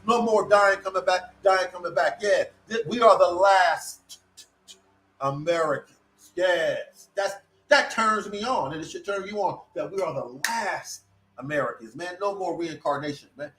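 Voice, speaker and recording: A man giving an informal scripture sermon in casual slang, swinging between loud emphatic bursts and low mutters and drawing words out slowly. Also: a little hiss or hum, low-quality recording. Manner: stretches words out slowly for effect. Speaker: preacher.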